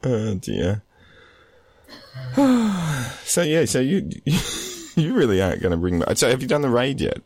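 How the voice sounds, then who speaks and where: This gaming podcast co-host has huge pitch swings and a creaky, darkish voice, speaking a little slowly and pausing often. He's a laughing storyteller with lots of restarts and giggly high bursts, recorded in studio quality with no echo.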